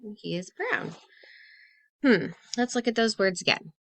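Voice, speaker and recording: A woman teacher giving a slow, clearly spaced phonics lesson to young children, in an encouraging tone. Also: medium pitch, lively intonation, fairly bright tone, no room sound.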